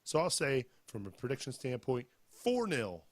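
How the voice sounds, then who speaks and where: A man with a sore throat hosts a football podcast, moving between casual banter and upbeat plugs. His mid-pitched voice sounds dry and close, with no room around it. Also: very animated, moderate pace, dry recording. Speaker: podcast host. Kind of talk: casual sports chat.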